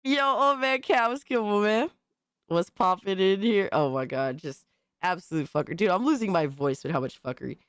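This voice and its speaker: An excitable woman hosts a casual livestream, swearing freely and talking in street slang. Her pitch leaps up and down constantly. The sound is close and dry, with no room echo. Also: moderate pace, clear, resonant tone. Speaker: livestream host.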